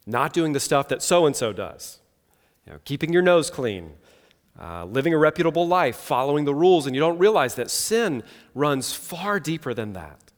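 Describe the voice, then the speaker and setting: A man preaching a sermon in an earnest, measured way, slowing down for emphasis. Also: on the high side, sing-song. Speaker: pastor. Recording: long hall reverb.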